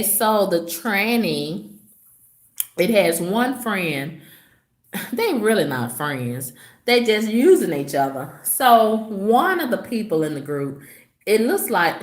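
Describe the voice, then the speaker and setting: A woman vlogger tells her viewers a story in a sassy, gossipy way, her medium-pitched, slightly bright voice swooping up for emphasis. The sound is reverberant, and the feel is casual vlog storytelling.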